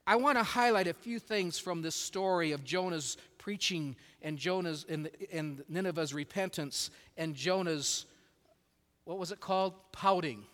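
A man preaching a sermon as pastor, telling a story in an animated way that often swings between loud and quiet. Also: on the high side, measured pace, big-room sound. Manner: animated storytelling with shifting volume.

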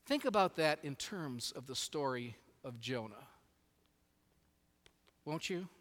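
A man preaching a sermon as pastor, telling a story in an animated way that often swings between loud and quiet. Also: mid-range voice, slow pace, in a large hall. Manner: animated storytelling with shifting volume.

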